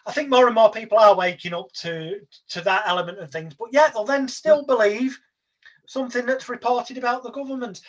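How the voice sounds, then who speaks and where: A man's voice: extremely high pitch, brisk. A man talking emphatically and persuasively as an interview guest. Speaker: hypnotist guest. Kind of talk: casual interview talk.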